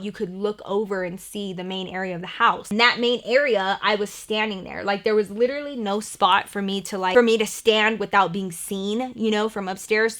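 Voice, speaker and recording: A young woman vlogger telling a personal story in a chatty, animated way, full of "like" fillers. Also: medium pitch. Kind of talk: storytime vlog narration.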